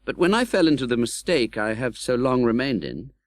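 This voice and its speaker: A man reading an audiobook in scripted narration, expressive and dramatic, voicing the young hero's pleas. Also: medium pitch, a little fast.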